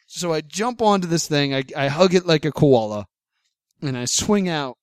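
A young man hosts a casual chat with a lively, swinging delivery. He tells a self-deprecating story, laughs often and acts out what people said. The sound is dry and close. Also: a little high, fairly quick, no room sound. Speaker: podcast host.

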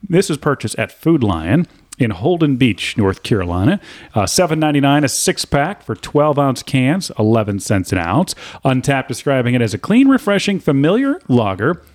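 Brief: relaxed male host, mid-pitched, chatty, filler-heavy. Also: normal speed. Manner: easygoing, laughing, with many fillers. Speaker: podcast host. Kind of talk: casual beer-tasting chat. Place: bar with a small live audience.

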